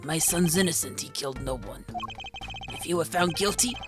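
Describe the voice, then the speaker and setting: A woman voicing an older male mob boss with a slow, low, threatening drawl. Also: close to an everyday voice. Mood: menacing. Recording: game music behind voice.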